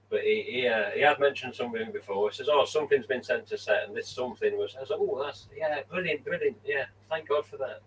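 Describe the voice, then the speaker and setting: A man's voice: lowish voice, distant mic, slight background noise, poor audio. A man hosting a live stream, rambling casually and swearing now and then from a room at home. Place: room at home with mask collection.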